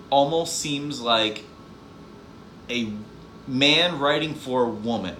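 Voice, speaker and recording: A man's voice: medium pitch, pushed and bright. A man ranting casually in a movie review vlog, exasperated and rambling, often repeating his words. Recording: echoey room, faint background hiss.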